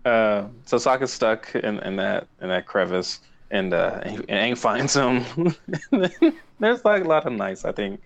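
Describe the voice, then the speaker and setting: A man's voice: fairly low pitch, expressive, vocal fry. A man co-hosting a casual podcast, recapping a cartoon episode, often laughing and briefly mimicking characters. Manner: laughs often, retells scenes in quick character voices. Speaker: podcast co-host.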